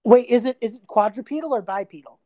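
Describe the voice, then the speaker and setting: Woman player, tabletop game banter, chatty, quick. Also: a little high, mellow.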